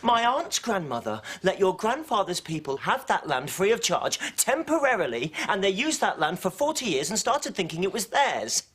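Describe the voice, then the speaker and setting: A woman's voice: medium pitch, big pitch swings, moderate pace, few pauses, fairly bright tone, breathy edge. A woman playing a nervous, touchy young male landowner in a stage comedy, defensive and indignant. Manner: defensive, indignant, complains of ailments.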